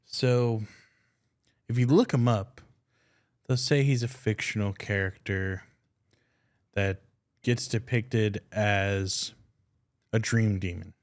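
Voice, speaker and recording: A young man co-hosting a podcast, telling stories in a loose, excitable way and swearing casually. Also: fairly low pitch, slow pace, pauses often. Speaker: podcast co-host. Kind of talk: casual chat.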